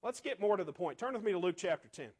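High-voiced male preacher, quiet asides. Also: expressive, fast talker. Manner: conversational preaching, rhetorical questions, drops to quiet asides. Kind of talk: sermon.

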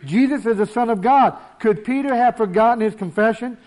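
A man preaching a sermon, emphatic, slowing down to stress key words. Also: very high-pitched, darkish tone.

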